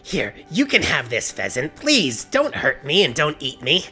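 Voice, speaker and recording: A man voicing a frantic, scatterbrained woman who sells pheasants, pleading and stammering in a high, loud voice in a tabletop game. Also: sing-song, normal speed, faint music behind, exaggerated voice.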